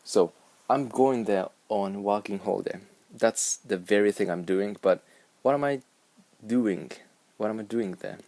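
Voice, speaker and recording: Man, japanese accent, low creaky voice, dry close sound, rambling vlog chatter. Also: unhurried, warm tone, no room sound. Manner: rambling, musing aloud, repeating words. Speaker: vlogger. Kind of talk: casual vlog talk.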